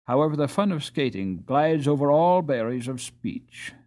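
A man reading a children's classic aloud as an audiobook narrator, in a slow, deliberate manner. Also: fairly high pitch, lively intonation, darkish tone. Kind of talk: scripted narration.

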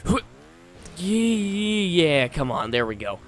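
A man's voice: medium pitch, normal speed. Man muttering and grumbling over gameplay. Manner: talks to himself and the game, swinging between muttering and exasperated outbursts. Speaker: gaming channel host. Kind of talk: live gameplay commentary.

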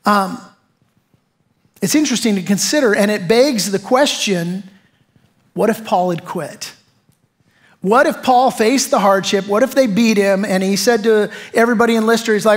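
A man's voice: high voice, lively intonation, moderate pace. A middle-aged man preaching a sermon, conversational and emphatic, with rhetorical questions. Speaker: pastor.

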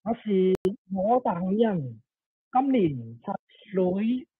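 A man voicing a ten-year-old village girl, reciting short sentences slowly and carefully over tinny, phone-like call audio. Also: high voice, very animated, breathy edge, dry recording, pitched above the performer's own voice, heavily acted.

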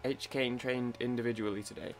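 A man's voice: mid-range voice, steady tone, brisk, faint music behind. A young man rambling and chatting with himself as he plays a video game and comments on it. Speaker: gaming channel host. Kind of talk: gameplay commentary.

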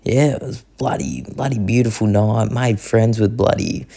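A man's voice: on the low side, fairly even intonation, moderate pace, gravelly, mellow. A young man, vlogging casually and calling everyone mate. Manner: slangy, says mate constantly. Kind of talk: casual vlog narration.

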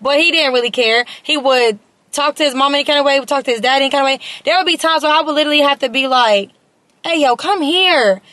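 A woman's voice: sits high, fast talker, sharp tone, dry recording. A young woman telling a personal story straight to camera in a vlog, emphatic and repeating words for stress. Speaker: beauty and lifestyle vlogger. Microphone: compact camera mic.

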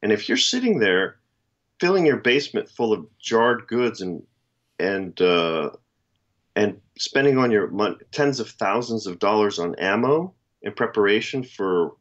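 A man with a lowish voice co-hosting a political commentary show. He talks in a rambling, emphatic way with a sardonic edge. The audio is dull and lo-fi. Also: lively intonation, a little slow, fairly bright tone. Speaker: co-host.

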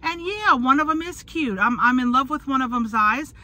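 A woman's voice: high-pitched, expressive, normal speed, sharp tone. A woman in her forties chatting casually in a car, rambling and losing her train of thought. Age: 40s. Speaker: vlogger. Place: in a parked car.

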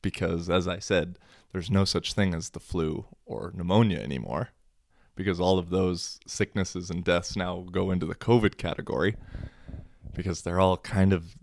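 A man's voice: low-pitched, normal speed, gravelly, no echo. A young man hosting a casual solo podcast, rambling and sarcastic, swearing freely. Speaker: podcast host.

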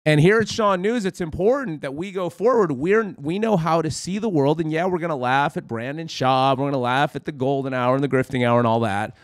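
A man's voice: on the high side, brisk, few pauses, no echo, studio quality. A man hosting a satirical political commentary show in a mock-preachy, sarcastic, folksy manner. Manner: sarcastic, folksy, keeps calling viewers "friends".

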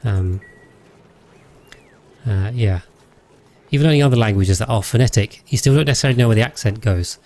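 A man's voice: fairly low pitch, fairly quick, long pauses, a little mellow. A man chatting casually on a livestream while playing a game, rambling with frequent hesitations and self-corrections. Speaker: game streamer.

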